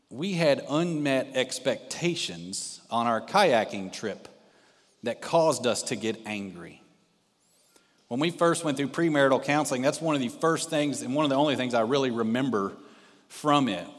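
A man's voice: medium pitch, long reverb tail. A male pastor and missionary preaching a sermon, telling a personal story and putting direct questions to the congregation. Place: church sanctuary.

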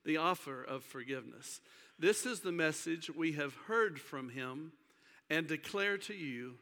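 A man preaching a sermon, pausing and repeating words as he goes. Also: a little high, sharp tone. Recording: long hall reverb.

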